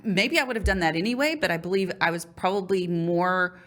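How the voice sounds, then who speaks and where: A woman's voice: fairly low pitch, brisk, a bit bright. Reflective woman hosting a podcast. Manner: reflective, personal, thinking aloud. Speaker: podcast host. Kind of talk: podcast interview.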